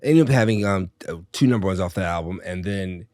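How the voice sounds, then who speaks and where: A middle-aged man with a deep bass-baritone voice tells stories in a campy, sassy way. His low voice sits close on a dry studio mic. There is no room echo. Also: quick pace. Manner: campy, sassy, animated storytelling. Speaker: guest, drag performer and singer. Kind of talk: casual podcast chat.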